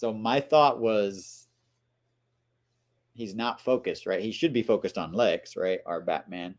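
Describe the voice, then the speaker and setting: A man's voice: lowish voice, a little slow. A man hosting a movie watchalong, casually commenting on scenes, laughing often and playfully quoting the characters.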